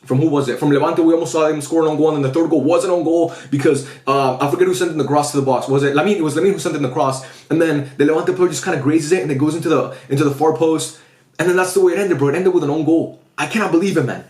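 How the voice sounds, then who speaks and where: A man talks quickly in a somewhat high voice, reacting casually to a football match. He is excitable and chatty and drops plenty of slang fillers. The room around him is echoey. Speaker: football fan channel host.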